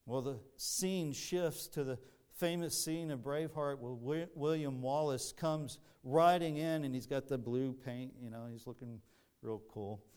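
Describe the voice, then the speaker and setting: A man's voice: mid-range voice, unhurried, few pauses, a little mellow, clean tone. A man preaching a sermon in an earnest way, often repeating words and restarting his sentences. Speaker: pastor.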